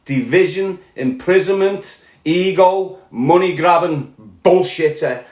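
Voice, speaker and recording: Liverpool guy ranting, swearing loads, fairly high voice, echoey room. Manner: heated, sweary, rising to shouting. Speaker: podcast host. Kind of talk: angry monologue rant.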